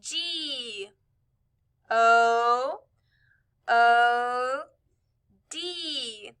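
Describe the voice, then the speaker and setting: A breathless woman teacher leads a cheerful spelling lesson for young children, spelling letters aloud and encouraging them as she jumps along. Her voice sits high with a sharp tone.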